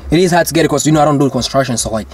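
A man's voice: on the high side, racing, husky. A man vlogging to his viewers in casual chat, rambling and slangy, swearing and saying bro constantly.

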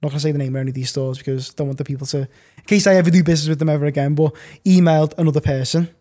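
A man's voice: a little high, fairly even intonation, very fast, warm tone. A young man chatting as a podcast guest, telling long stories full of fillers and restarts. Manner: rambling, filler-heavy storytelling. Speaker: podcast guest, online reseller. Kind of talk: casual podcast chat.

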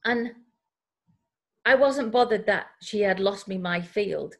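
A woman's voice: medium pitch, slow pace, a bit bright. A woman telling a rambling personal story in a casual group video call. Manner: rambling storyteller who acts out quoted voices. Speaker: group member sharing a story. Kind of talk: casual chat.

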